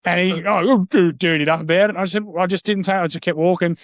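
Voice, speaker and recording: A man's voice: high-pitched, fairly even intonation, quick pace, no room sound, studio quality. An Australian man on a podcast, blunt and laughing as he talks, swearing freely. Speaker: podcast co-host. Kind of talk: casual chat.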